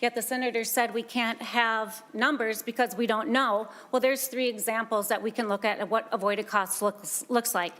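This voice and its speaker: A woman's voice: fairly high pitch, fairly even intonation, moderate pace, few pauses, fairly bright tone. A woman from Minnesota, a small business owner, giving earnest, emphatic testimony before a legislative committee and repeating her key points. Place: legislative hearing room.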